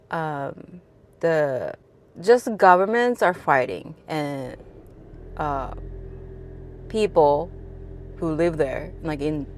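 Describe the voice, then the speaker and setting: Cab driver from Japan, woman, telling a casual anecdote; slow, low, halting delivery. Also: a little mellow. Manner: halting, many restarts and fillers. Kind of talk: casual storytelling to camera.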